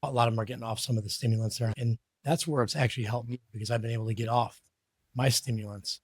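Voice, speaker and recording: Husky, hesitant man. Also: mid-range voice, fairly even intonation, fast, no echo, studio quality. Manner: hesitant, modest. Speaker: podcast guest. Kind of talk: casual chat.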